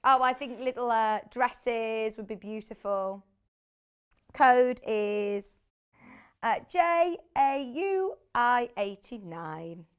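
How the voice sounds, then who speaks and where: A woman with a clean-toned, somewhat high voice presents fabrics on a live TV shopping channel, taking her time as she talks. She's animated, chatty, and bubbly, and laughs easily.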